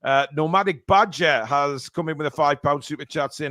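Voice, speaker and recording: A man hosting a casual live stream reads out super chat donations, rambling with lots of fillers and hardly pausing. His voice is a little high and sharp at normal speed, recorded in clean studio sound with no echo.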